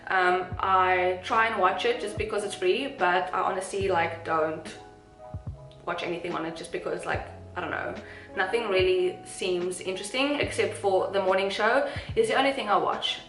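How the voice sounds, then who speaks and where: A woman's voice: medium pitch, fairly even intonation, moderate pace, fairly bright tone. A young South African woman chatting casually to camera as a vlogger, rambling with giggly asides. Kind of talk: casual chat. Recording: echoey room with faint music.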